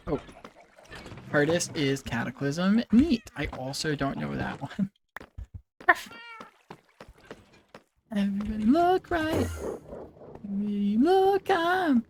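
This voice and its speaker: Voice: medium pitch, animated, extremely slow, long pauses, a little hiss or hum. A streamer chatting casually while playing a game, giggling, rambling and making playful animal noises between thoughts. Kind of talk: casual live-stream chat while gaming.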